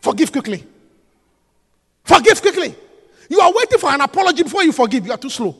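A man preaching a sermon, emphatic and repetitive, swinging between hushed lines and shouts. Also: very high-pitched, very animated, quick pace, in a large hall.

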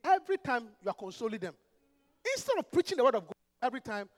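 A man, a pastor preaching an emphatic, animated sermon full of rhetorical questions. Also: very high voice, fast talker, in a large hall.

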